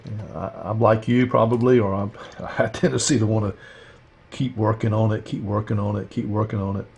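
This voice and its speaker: Male art instructor, gravelly and low-pitched, easygoing think-aloud demo delivery. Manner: relaxed, rambling, thinks aloud with fillers. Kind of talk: casual painting demonstration.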